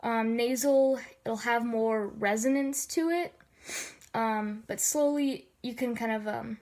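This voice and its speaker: Sniffly woman with a light gravel in her lower register, hesitant, um-filled casual tutor, voice sits a bit high. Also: slow, darkish tone. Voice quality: slightly gravelly low register. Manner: hesitant, many filler ums. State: sniffly from allergies.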